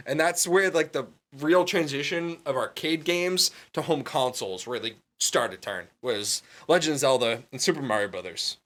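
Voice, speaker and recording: A man co-hosting a casual podcast, animated and laughing often, with plenty of ums and uhs. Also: a little high, normal speed, few pauses. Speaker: podcast co-host.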